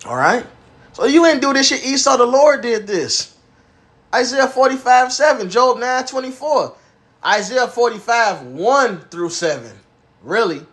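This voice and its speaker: High-voiced man preaching with profane emphasis. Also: animated, unhurried, fairly bright tone. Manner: profane, emphatic, reads King James verses then explains in slang; acts out a bragging axe in a mocking voice. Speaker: street preacher. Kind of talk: preaching with scripture readings.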